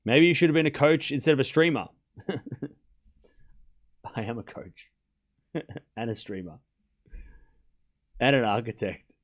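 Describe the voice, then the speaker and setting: A man from Australia, a streamer and tennis coach, chatting casually and reading chat aloud during a live tennis watchalong, with quick bursts of play-by-play. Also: medium pitch, expressive.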